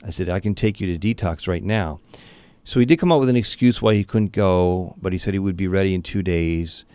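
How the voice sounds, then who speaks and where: A priest with a very low, smooth voice recounts a story in an earnest, animated way, often restarting his sentences. The sound is close and dry, with no room echo. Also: brisk. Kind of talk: interview conversation, storytelling.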